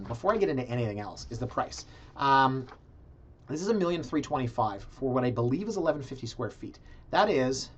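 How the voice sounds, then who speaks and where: A man of average pitch hosts a casual video, reviewing condo listings with sarcasm and lively asides to his viewers. He sounds blunt and animated. The recording is a little dull and lo-fi. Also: slightly rough. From Canada. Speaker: realtor and video blog host.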